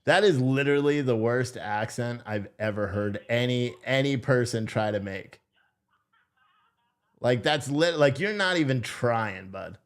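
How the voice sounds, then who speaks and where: A man's voice: mid-range voice, unhurried, clean tone. A man hosting a live stream, chatting casually and sarcastically with his viewers and swearing freely.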